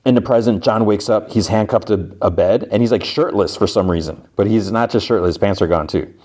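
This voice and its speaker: A man's voice: lowish voice, a little fast, darkish tone. A man hosting a podcast, casually recapping a TV episode in a rambling way with plenty of fillers. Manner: rambling, lots of "like". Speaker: podcast host.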